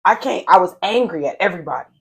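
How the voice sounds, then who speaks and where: A woman's voice: on the low side, animated, fast talker, creaky, breathy edge. A young woman on a podcast telling a candid personal story, blunt and full of slang and swearing. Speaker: podcast guest. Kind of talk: casual chat.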